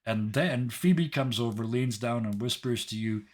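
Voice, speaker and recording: A male game master narrates a scene and chats with his players in a loose, animated way, with plenty of fillers. His voice sits at an ordinary middle pitch. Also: a little slow. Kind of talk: narrating and wrapping up a tabletop game.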